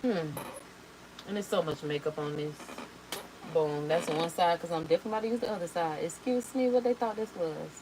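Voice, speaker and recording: A young adult woman hosting a reaction video, chatting casually in a sassy, animated way while doing her makeup. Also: lowish voice, background noise. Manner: sassy, animated, slangy and expressive.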